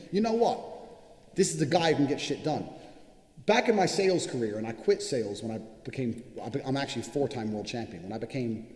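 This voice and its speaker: Speaking off the cuff as a course instructor, this man delivers a motivational talk full of profanity, bragging, and fast-paced stories. His voice sits in the mid-range and is a little mellow, and the room echoes with a long reverb.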